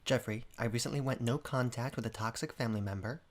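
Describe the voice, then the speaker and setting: A man's voice: medium pitch, fast. A man, the show's producer, reading listener questions in a playful but earnest way. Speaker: podcast producer. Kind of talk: casual podcast chat, reading a listener question.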